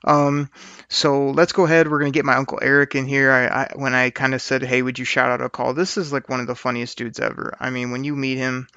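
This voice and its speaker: Chatty, gravelly podcast host. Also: male voice, medium pitch, little pitch movement, fairly quick, bright, forceful tone, no room sound, muffled recording. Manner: chatty, laughing, rambling with fillers. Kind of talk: casual chat.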